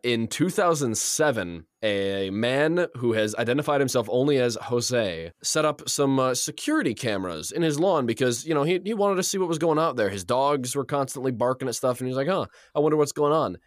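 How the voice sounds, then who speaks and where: A man of middling pitch co-hosts a comedy podcast, his voice swinging up and down as he tells a story with animated energy. The recording is dry and close. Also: fairly quick, hardly any pauses, no room sound. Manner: lively, animated, laughs often. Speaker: podcast co-host. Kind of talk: casual comedic chat, storytelling.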